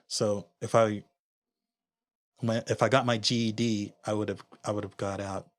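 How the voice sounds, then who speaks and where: A man's voice: on the low side, steady tone, moderate pace. A man from Honduras, a guest on a podcast, candidly and reflectively recounting his own story, often restarting his sentences. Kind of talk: personal storytelling in an interview.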